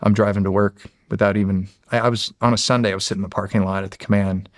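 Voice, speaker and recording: A man's voice: lowish voice, level tone, racing, no echo, clean studio sound. A man from Pennsylvania, a guest on an interview show, telling stories casually with rambling restarts and frequent swearing. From Erie, Pennsylvania. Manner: rambling, profane, restarts phrases, acts out quoted dialogue. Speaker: guest, former Navy SEAL.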